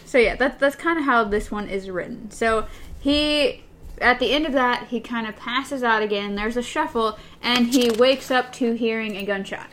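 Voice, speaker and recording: A woman's voice: fairly high pitch, moderate pace, a bit bright, a little hiss or hum. A woman co-hosting a casual book chat, retelling scenes loosely with small laughs.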